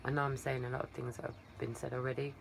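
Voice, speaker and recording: An Englishwoman hosts a casual livestream from a phone set at a distance, rambling fondly and calling her viewers darling. Her voice is rumbling and low with a flat delivery, racing along with vocal fry, and she sounds tired after a long day of talking. There's a little hiss or hum in the audio.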